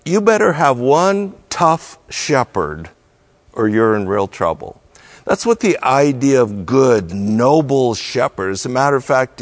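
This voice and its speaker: A man preaching a sermon, slow and measured, building his points through repeated phrases. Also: mid-range voice. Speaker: pastor.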